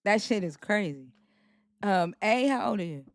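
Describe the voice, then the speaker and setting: Blunt, lively woman hosting a live stream. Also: mid-range voice, normal speed, no room sound. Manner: blunt, profane, animated. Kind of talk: casual live chat.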